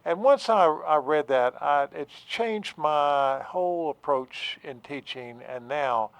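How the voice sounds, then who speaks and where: A man talking as a therapist and professor on a radio show, halting, with many fillers and restarts. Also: on the high side, no room sound. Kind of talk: casual radio talk.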